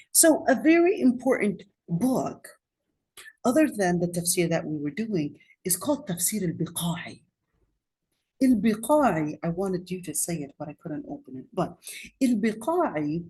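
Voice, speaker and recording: In a classroom lecture, a woman with a mellow, mid-range voice teaches Islamic studies. She keeps the religious studies lesson conversational and directs questions at her class.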